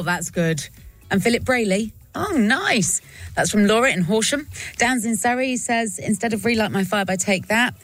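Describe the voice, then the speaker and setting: Woman radio host, mid-pitched and breezy, reading puns over a soft music bed. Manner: playful, reads listener puns with quick asides. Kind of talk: chatty radio presenting. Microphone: studio microphone.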